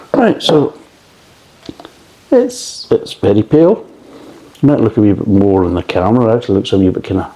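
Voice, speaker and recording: Gravelly, sweary Scottish man. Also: fairly low pitch, warm tone, slight background noise, rough recording. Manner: blunt, sweary, grumbling. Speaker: beer reviewer. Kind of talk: casual beer review.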